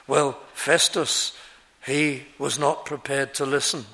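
Slow, measured male preacher. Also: mid-range voice, fairly even intonation, vocal fry, sharp tone. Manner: measured, earnest, explains verse by verse. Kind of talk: expository sermon on scripture.

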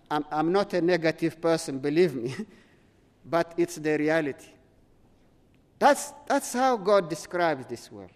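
A man's voice: sits high, big-room sound. A man preaching a sermon, earnest, often repeating words and restarting his sentences.

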